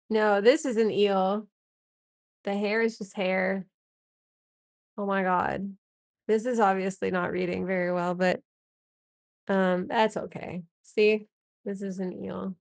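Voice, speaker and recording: A woman's voice: medium pitch, fairly even intonation, slow, long pauses, no room sound, studio quality. A woman streaming while she draws, chatting casually and joking with her chat as she thanks viewers. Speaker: streamer and artist.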